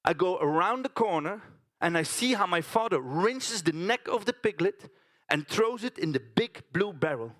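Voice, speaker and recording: A man's voice: high voice, expressive, normal speed, fairly bright tone. A man performing a theatrical storytelling monologue on a conference stage, chatting to the audience with tag questions.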